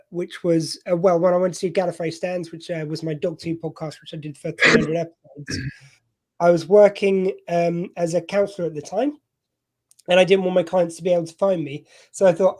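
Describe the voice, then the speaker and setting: Mellow-voiced man telling a story. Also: sits high, fairly even intonation, brisk. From southern England. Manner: rambling, self-deprecating storyteller. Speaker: podcast host being interviewed. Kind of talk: casual chat on a livestream.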